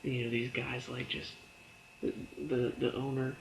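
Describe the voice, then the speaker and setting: A man's voice: medium pitch, little pitch movement, moderate pace, creaky, a little hiss or hum, low-quality recording. A man casually reviewing a TV episode in a chatty way, with lots of fillers, breaking into laughs and acting out characters' lines as he retells scenes. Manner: briefly acts out characters' lines in quotes.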